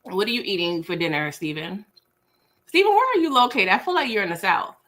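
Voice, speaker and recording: Very animated and brisk, a woman with a mid-range, slightly bright voice runs a casual livestream from the US East Coast. With her East Coast accent, she eats dinner in front of a laptop mic, chewing while she chats and laughs with viewers.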